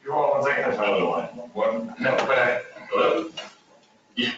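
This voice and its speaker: A man acting as bickering office salesmen on a comic sales call, swinging from mumbling to shouting. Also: mid-range voice, lively intonation, a little slow, dull audio, close to an everyday voice. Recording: sitcom clip played over room speakers, echoey, far, noisy.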